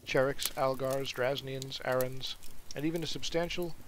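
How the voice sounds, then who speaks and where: A man's voice: mid-range voice, fairly even intonation, moderate pace, slight background noise, low-quality recording. A man reading a fantasy novel aloud in an earnest manner, now and then speaking to his listeners. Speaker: audiobook reader.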